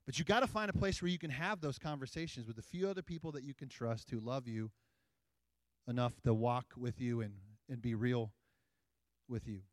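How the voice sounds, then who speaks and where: A man's voice: mid-range voice, normal speed, no room sound. A man preaching a sermon in church, talking casually with the congregation and building up to emphatic scripture reading. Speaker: pastor. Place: church sanctuary.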